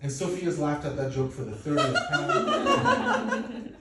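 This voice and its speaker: Lively profane comedian in echoey club. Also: male voice, fairly high pitch, slow, loud music behind the voice. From Poland. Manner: animated, profane storytelling with self-mocking asides. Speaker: stand-up comedian. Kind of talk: stand-up comedy set. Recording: echoey club, distant mic, faint noise.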